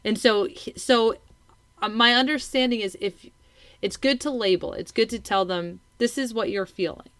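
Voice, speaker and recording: Animated mother in her thirties chatting. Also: fairly high pitch, moderate pace, dry recording. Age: 30s. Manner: animated, acts out kids' and parents' lines. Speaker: podcast co-host, mother. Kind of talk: casual chat.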